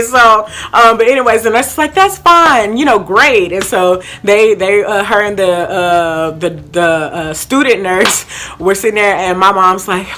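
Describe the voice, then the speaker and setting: A young woman telling a chatty storytime vlog, animated and full of fillers, acting out quotes as she goes. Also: mid-range voice, normal speed, soft background music. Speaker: vlogger.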